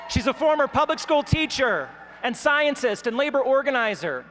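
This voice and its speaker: A woman from Texas, giving a rousing political speech at a convention, building up to shouts. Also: sits high, expressive, moderate pace, in a large hall, some chatter behind, slight background noise. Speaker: convention speaker. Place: large convention hall.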